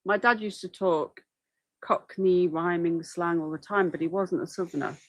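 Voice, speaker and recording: A woman's voice: lowish voice, normal speed, rough recording. Chatty woman host, rambling. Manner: chatty, rambling, apologetic asides. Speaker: livestream host commenting on a trial. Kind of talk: casual chat.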